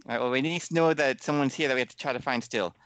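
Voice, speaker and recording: Tabletop player, male, bright and forceful tone, dry close sound. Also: medium pitch, racing, dry recording. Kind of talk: casual tabletop play.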